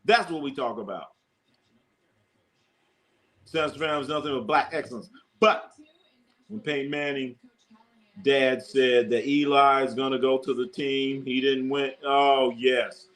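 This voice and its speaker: A man hosting a casual live sports stream, talking to chat with animated bursts of excitement. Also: unhurried, long pauses. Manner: animated, jumps into high excited shouts.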